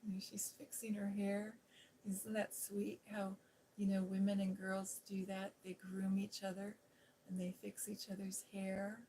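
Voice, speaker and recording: A woman host reading a classic novel aloud in a gentle, soothing ASMR style, with whispered asides. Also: medium pitch, monotone, measured pace, a little hiss or hum, low-quality recording. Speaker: storybook reader and ASMR host. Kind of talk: softly spoken ASMR story reading.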